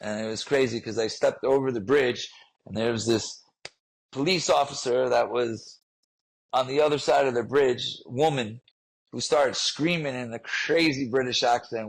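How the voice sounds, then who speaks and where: Man, husky voice, middle pitch, earnest and emotional, podcast interview guest. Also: moderate pace, poor audio. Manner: earnest, emotional, repeats himself. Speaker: guest, fitness trainer. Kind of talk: personal story in a podcast interview.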